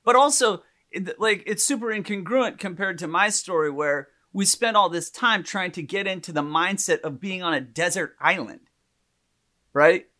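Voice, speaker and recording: A man telling a story in casual chat, animated, acting out the people he quotes. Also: sits high, normal speed.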